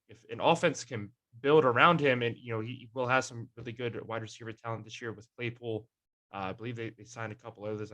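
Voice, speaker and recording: Male sports podcast co-host, mid-pitched, bright tone, loose chatty delivery. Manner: rambling, hesitant, full of fillers and restarts; jokey, teasing his co-host. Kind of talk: casual sports chat.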